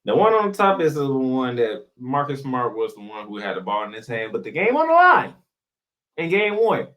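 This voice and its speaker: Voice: mid-range voice, big pitch swings, moderate pace, fairly bright tone. A sports show host delivering a heated solo rant, sarcastic and casual, firing off rhetorical questions and repeating points for emphasis.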